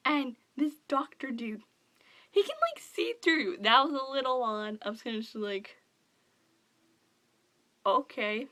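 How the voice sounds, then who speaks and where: High-voiced gushing young woman. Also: a little slow, pauses often. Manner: gushing, excitable, rambling with many fillers. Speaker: book vlogger. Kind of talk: casual book review vlog.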